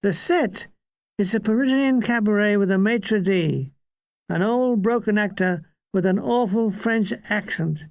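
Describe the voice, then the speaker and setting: An older man reading his own comic war memoir in a wry, deadpan way. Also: sits high, unhurried, no echo.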